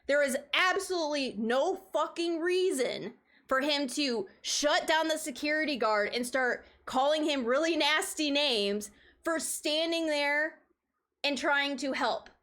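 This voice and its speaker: A woman's voice: high-pitched, a bit bright. A woman streamer telling a story in a heated, profane, emphatic way. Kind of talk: casual storytelling rant.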